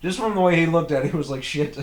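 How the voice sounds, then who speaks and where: A man's voice: fairly high pitch, rapid-fire. A man co-hosting a casual podcast chat, contrarian and sarcastic, swearing freely. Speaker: podcast co-host. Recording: echoey room.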